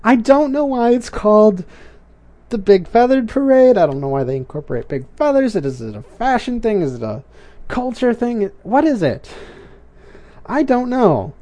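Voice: medium pitch, very animated, moderate pace, mellow. A reviewer giving casual commentary on a cartoon episode, rambling with puzzled, questioning asides and wry humor.

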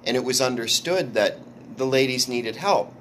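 A man hosting a casual podcast chat, telling stories haltingly with restarts and swearing. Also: mid-range voice, fairly bright tone, a little hiss or hum. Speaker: podcast host, comedian.

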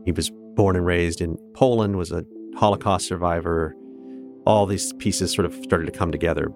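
A man's voice: low-pitched, fairly even intonation, moderate pace, faint music behind. A man in his fifties from Kansas, a guest telling his own story earnestly and reflectively, with hesitant restarts. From Kansas, USA. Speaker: interview guest. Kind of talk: personal storytelling in conversation.

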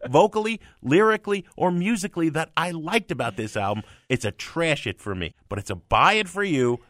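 A male music critic co-hosting a radio show, speaking with heavy sarcasm and emphasis. His voice leaps all over the pitch range. The studio sound is dry and close. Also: a bit bright, dry recording. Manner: emphatic and sarcastic, with sweeping swings of inflection. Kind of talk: opinionated review talk. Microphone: close studio mic.

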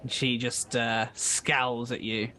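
A man's voice: medium pitch, level tone, slow pace, sharp tone. A man narrating an improvised tabletop game as dungeon master, describing scenes hesitantly with many fillers.

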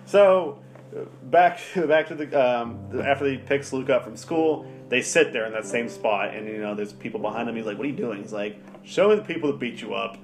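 A man's voice: mid-range voice, moderate pace, music in the background. Profane laughing man recapping a film. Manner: profane, laughing, retells scenes acting out lines. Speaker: podcast co-host. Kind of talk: casual movie review chat.

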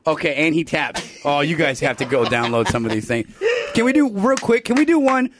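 A man co-hosting a studio podcast who has a high, very animated voice. He giggles constantly and calls out the action as it unfolds. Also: a little fast, background noise. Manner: giggly, animated, play-by-play reactions. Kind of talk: excited studio banter.

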